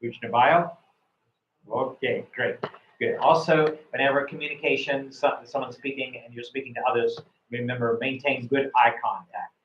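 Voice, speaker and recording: A man's voice: mid-range voice, fairly even intonation, normal speed, slight background noise. A man coaching a student after a speaking test, praising his answers and often repeating words and restarting sentences. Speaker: IELTS speaking examiner and coach. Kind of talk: spoken test feedback. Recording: roomy, dull lo-fi sound.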